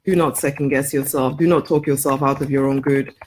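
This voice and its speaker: A woman's voice: extremely low pitch, steady tone, a little fast, a little mellow, husky. A woman life coach giving an emphatic promotional talk to camera, repeating her points, calling the listener honey and laughing often. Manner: laughs often between phrases. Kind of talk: promotional live video talk.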